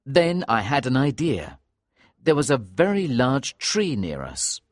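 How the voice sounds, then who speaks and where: A man giving a scripted audiobook narration of a story in a clear, lively storytelling manner. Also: mid-range voice, unhurried, dry recording, clean studio sound.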